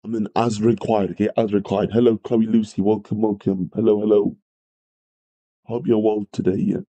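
A man's voice: lowish voice, level tone, moderate pace, warm tone, rough recording. A man teaching a live maths revision lesson, greeting viewers and apologising often as he works through problems. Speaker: maths tutor.

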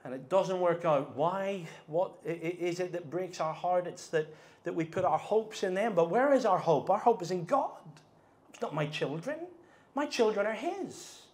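A middle-aged man preaching a sermon at a conference, earnest, moving between hushed and emphatic delivery. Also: sits high, lively intonation, normal speed. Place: conference hall.

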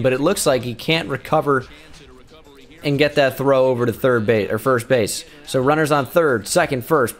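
A young man giving sarcastic play-by-play commentary over his own baseball video game, bursting into shouts of excitement. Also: mid-range voice. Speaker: gaming YouTuber. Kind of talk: gameplay commentary. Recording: game music faintly behind.

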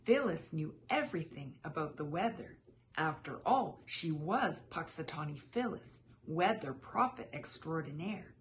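Animated woman reading a picture book. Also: low-pitched, unhurried, a little hiss or hum. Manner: lively, expressive storytelling. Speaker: children's storybook reader.

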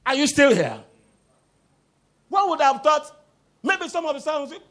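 A man preaching a sermon, emphatic and repetitive, breaking into loud exclamations and coaxing the congregation to answer back. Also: extremely high pitch, big pitch swings, normal speed, pauses often. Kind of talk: sermon with call-and-response.

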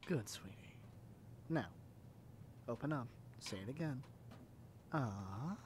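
A sweet, possessive yandere captor, played by a man, coos and whispers in this whispered role-play. He speaks slowly, lingering over every soft word, in a voice of ordinary male pitch. A clear layer of noise and room ambience sits behind him. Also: lively intonation. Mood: doting. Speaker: ASMR roleplay performer.

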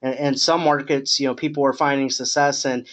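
Relaxed man coaching a sales agent. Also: mid-range voice, fairly quick. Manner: relaxed, encouraging, filler-heavy. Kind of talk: coaching call.

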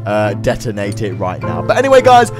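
A young man giving excitable gameplay commentary, yelling, laughing and reacting loudly. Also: fairly low pitch, a little fast. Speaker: gaming commentator. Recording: game music and sounds behind.

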